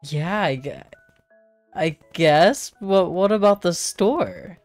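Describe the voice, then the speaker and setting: A woman's voice: lowish voice, lively intonation, slow, darkish tone, no echo, faint music behind. A woman playing in a tabletop game, casual and reactive in her replies. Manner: casual, reactive, plain-spoken. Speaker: player. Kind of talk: tabletop game role-play.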